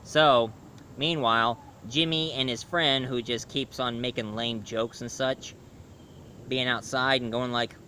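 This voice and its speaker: Male reviewer, casual rambling retelling, bright clear tone, faint noise behind. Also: mid-range voice, fairly even intonation, measured pace. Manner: rambling plot retelling with fillers. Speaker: cartoon reviewer.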